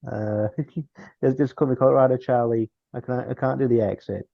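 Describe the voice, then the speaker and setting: A man's voice: mid-range voice, steady tone, moderate pace, creaky, no room sound. A man co-hosting a casual film review podcast, rambling with lots of restarts and chuckles. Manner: rambling with many restarts and laughs. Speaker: podcast co-host. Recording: dull dry lo-fi sound.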